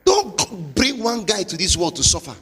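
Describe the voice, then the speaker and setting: A man with a Nigerian accent, a pastor giving a motivational sermon with forceful, repetitive exhortation. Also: high-pitched, huge pitch swings, moderate pace, husky. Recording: long hall reverb.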